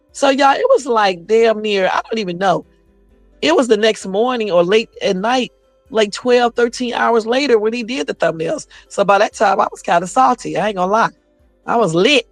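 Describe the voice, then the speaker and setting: A woman's voice: medium pitch, no room sound. Woman host, phone livestream, blunt and sassy, swears a lot; dry sound, faint music behind. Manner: blunt, sassy, profane storytelling. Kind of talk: casual livestream chat.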